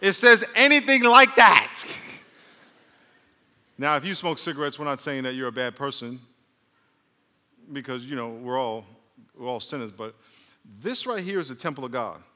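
A man's voice: mid-range voice, moderate pace, pauses often, sharp tone, long reverb tail. A man, a pastor, preaching a sermon with call-and-response and joking asides. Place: church sanctuary.

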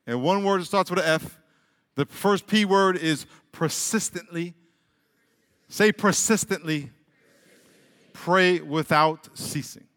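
A male pastor preaches to his congregation, getting them to repeat words back to him. His voice sits a bit high and swings between loud calls and quieter joking asides. The sound carries a long reverb from a large church hall. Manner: call-and-response, has the congregation repeat words. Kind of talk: sermon. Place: church sanctuary.

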